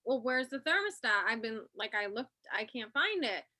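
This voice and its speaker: Bright-voiced woman, kinda high, chatty, swears casually, laughs at herself. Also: big pitch swings, normal speed. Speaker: co-host. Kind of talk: casual heart-to-heart chat.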